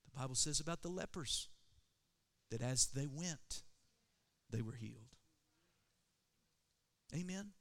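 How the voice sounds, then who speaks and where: A man's voice: medium pitch, lively intonation, takes it slowly, long pauses, fairly bright tone. A male pastor preaching a sermon in a church, emphatic and calling for amens. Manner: emphatic preaching, calls for Amen.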